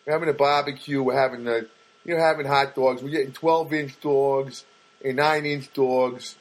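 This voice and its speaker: A man's voice: mid-range voice, fairly even intonation, normal speed, lightly acted, rough recording. A man quoting a chatty guy with a New York accent from a voicemail.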